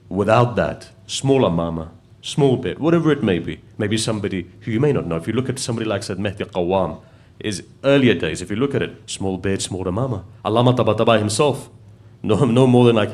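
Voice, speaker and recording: Preacher, lowish voice, chatty storytelling sermon. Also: male voice, a little mellow. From United Kingdom. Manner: conversational, asks the audience questions.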